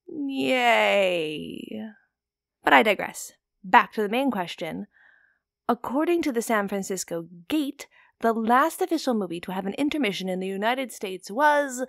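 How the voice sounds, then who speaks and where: A woman's voice: medium pitch, fairly bright tone, dry recording, clean studio sound. A woman hosting a film podcast, talking casually with chatty, digressive, joking asides. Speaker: podcast host.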